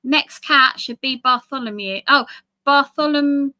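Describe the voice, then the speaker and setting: An English woman talks in a chatty, giggly way on a casual livestream. Her voice is bright and fairly high, and the sound is dry and close. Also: fairly quick, no echo. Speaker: guest artist. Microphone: video call.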